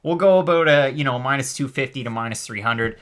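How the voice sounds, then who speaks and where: Energetic man hosting a live stream. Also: mid-range voice. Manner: energetic, rapid, chatty with many fillers. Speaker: host of a live MMA show. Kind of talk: live-stream commentary, chat reading.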